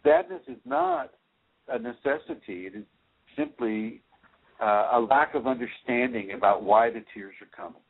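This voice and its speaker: A man hosting a radio call-in show, giving spiritual advice in a slow, reassuring way with many repeated words and restarts. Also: medium pitch, very animated, gravelly, slightly rough. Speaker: spiritual teacher, radio host. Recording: tinny phone line.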